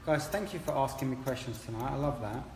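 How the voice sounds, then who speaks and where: Gravelly-voiced man teaching a haircut in an echoey salon. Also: mid-range voice, fast, darkish tone, a little hiss or hum. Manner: chatty, encouraging, explains step by step. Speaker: hairdressing educator. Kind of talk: live-streamed haircut tutorial. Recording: roomy echo with long reverb and faint ambience.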